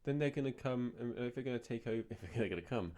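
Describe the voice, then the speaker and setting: A man's voice: medium pitch, fast, noisy background. A man co-hosting a comedy podcast, dry and teasing in casual chat. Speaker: podcast co-host.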